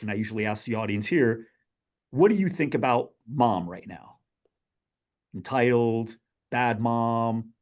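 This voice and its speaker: A man guesting on a podcast, telling a parable in an animated way and asking his listeners questions. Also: mid-range voice. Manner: animated storyteller who addresses his listeners directly. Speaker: guest, business author. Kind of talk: podcast storytelling.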